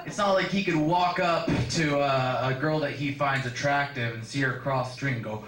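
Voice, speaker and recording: A young man doing a stand-up set in a small comedy café, with a deadpan, slow and awkward delivery. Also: mid-range voice, soft background music. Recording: roomy club sound from far off, audience.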